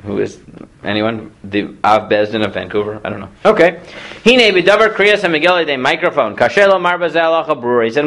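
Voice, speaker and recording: A man's voice: mid-range voice, sing-song, fairly quick, fairly bright tone. A man, a rabbi, giving a lecture on Jewish law in a classroom. He reads sources aloud, explains them in English and puts questions to his students.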